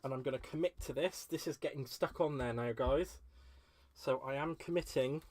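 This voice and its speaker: A man's voice: medium pitch, normal speed, a little mellow. A man hosting a crafting livestream from his home craft space, chatting casually and gushing as he answers viewer comments. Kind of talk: casual live-stream chat while crafting.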